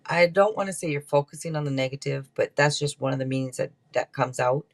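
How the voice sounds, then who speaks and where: A woman's voice: low voice, fast, vocal fry. Chatty woman reading tarot live. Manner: chatty and rambling, with many restarts. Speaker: tarot reader hosting a live stream.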